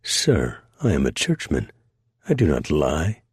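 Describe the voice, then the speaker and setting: A pompous deacon sputters his protests in an earnest, rattled voice, as a male narrator puts him on. It sounds husky and dry. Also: very deep voice, huge pitch swings, unhurried, no echo, full character voice. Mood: flustered. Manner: stammering, earnest.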